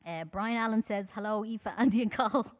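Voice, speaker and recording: A woman from Ireland with a Dublin accent, chatting quickly and informally with her audience between songs at a live-streamed concert. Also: mid-range voice. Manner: talks fast, chatty and informal, with many fillers.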